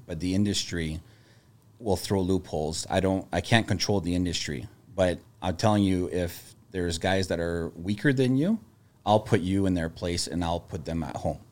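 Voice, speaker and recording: A man, a business owner, talking in a casual podcast chat and telling stories in a calm, level-headed way. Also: sits low, moderate pace.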